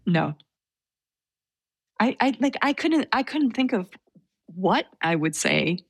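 A woman's voice: mid-range voice, big pitch swings, slow, vocal fry, slightly rough, no room sound. A woman recounting a story in casual conversation, hesitant and full of hedging fillers, a self-described introvert. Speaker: interview guest.

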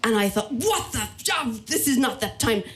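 A young woman with an Irish accent tells a funny personal story to an audience, self-mocking and lively, acting out the voices of the people in it. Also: fairly high pitch, normal speed, faint music behind.

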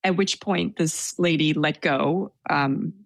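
A woman telling a story in casual conversation, soft-spoken and hesitant with many fillers. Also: sits low, takes it slowly, no room sound. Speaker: storyteller guest.

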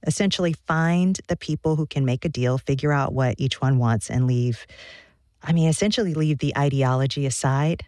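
Lady radio host, steady questions, dry studio mic. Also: rumbling low, dry recording. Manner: measured, explanatory questions. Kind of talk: radio interview.

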